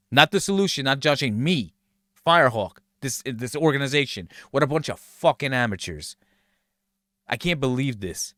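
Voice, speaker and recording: Man, mid-pitch, dry close mic; casual profane commentary, sarcastic and animated. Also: moderate pace, no room sound. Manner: animated, sarcastic, swears a lot, acts out quotes. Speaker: show host recounting backstage story. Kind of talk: casual profane commentary over match footage.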